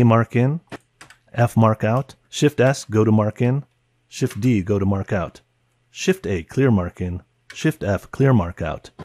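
A man with a somewhat low voice walks through an editing program, calling out shortcut keys in brisk, clipped fragments. Keyboard typing can be heard behind him. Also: darkish tone, husky. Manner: calls out key names in short clipped bursts. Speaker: video editing instructor. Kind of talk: screen-recorded software tutorial.

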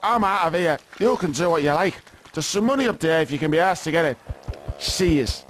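A man's voice: fairly high pitch, lively intonation, a little fast, a bit bright, faint music behind. A man voicing a nervous, rambling male bug worker in a game cutscene. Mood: scared.

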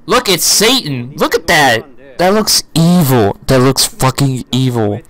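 Excitable young man reacting live. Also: medium pitch, unhurried. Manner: excitable, shouts and swears, gasps and laughs. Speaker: reaction video creator.

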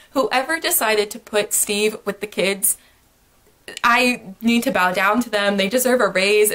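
A woman's voice: medium pitch, a bit bright. Bubbly young woman gushing about shows. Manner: gushing, bubbly, laughs often. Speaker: book vlogger. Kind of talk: casual monthly wrap-up chat.

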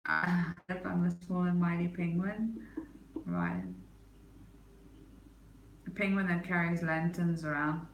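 A woman's voice: on the low side, animated, takes it slowly, gravelly, long pauses, roomy sound, a little hiss or hum, rough recording. A woman casually chatting on her livestream, reading chat aloud and teasing viewers, with an accent that is not American. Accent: non-American. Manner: playful, teasing, laughs often. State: has a headache.

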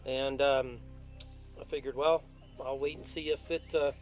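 A man's voice: mid-range voice, fairly even intonation, a little slow, faint music behind. A man casually telling the story of his rattlesnake bite in an interview, rambling with many fillers. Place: outdoors in the desert.

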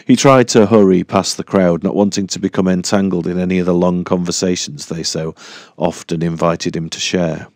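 A man reading a horror audiobook in a measured, deliberate storytelling manner. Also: low-pitched, fairly even intonation, darkish tone, dry recording, studio quality. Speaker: audiobook narrator. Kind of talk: scripted horror narration.

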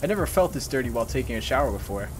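A man's voice: medium pitch, expressive, very fast, slight background noise. A young man streaming a game, joking and self-deprecating as he talks to his chat. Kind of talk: casual game commentary.

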